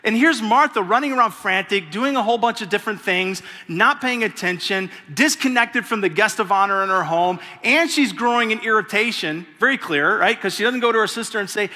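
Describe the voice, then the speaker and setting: A male pastor giving a sermon in an animated, conversational way and acting out the people in the story. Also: high voice, fairly quick, hardly any pauses. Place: large church hall. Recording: long reverb of a big church hall.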